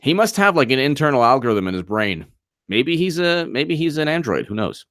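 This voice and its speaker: A man hosting casual live political commentary, sarcastic and animated, often restarting mid-sentence. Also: mid-range voice, a little fast, dry recording, studio quality.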